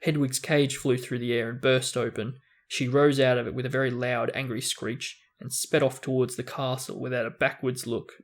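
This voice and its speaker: A man's voice: medium pitch, moderate pace, few pauses. A man hosting a book discussion, reading a novel aloud expressively and now and then repeating a word. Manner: expressive reading with small restarts.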